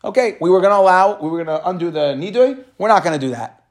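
Guy going thru talmud, talks quick, voice a bit high. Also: animated. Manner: reads Aramaic passages and explains them in casual English. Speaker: Talmud teacher. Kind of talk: Talmud class, explaining the text.

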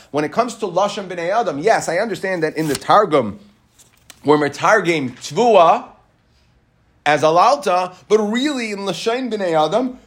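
A man teaching a Talmud lesson, reading Aramaic phrases aloud and explaining them in shifting emphasis. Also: fairly high pitch. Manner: reads Aramaic phrases then explains them in English, rising and falling emphasis.

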